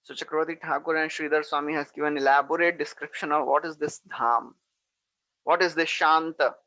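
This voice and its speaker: A man's voice: a little high, fairly even intonation, fairly quick, bright, forceful tone, no echo, low-quality recording. A man preaching, retelling a scripture story with frequent 'you know' and recited Sanskrit verses.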